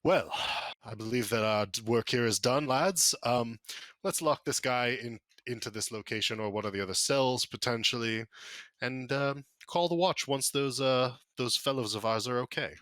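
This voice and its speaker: A man voicing a brisk noble man who takes charge and calls his companions lads. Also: mid-range voice, fairly bright tone, no echo, lightly acted. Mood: commanding. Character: commanding noble man leading the group.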